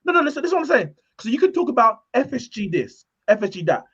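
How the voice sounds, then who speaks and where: Brief: high-pitched man, argumentative fan pundit, muffled mic. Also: very animated, quick pace, a bit bright, breathy edge. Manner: mocking, argumentative. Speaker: football fan panelist. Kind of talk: heated football fan chat. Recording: slightly dull sound.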